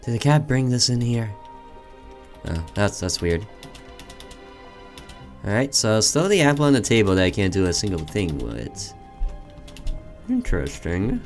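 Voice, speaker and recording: A man's voice: lowish voice, big pitch swings, a little slow, pauses often, faint music behind. A man giving casual, wisecracking commentary while playing a horror game. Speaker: gameplay commentator. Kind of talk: let's play commentary.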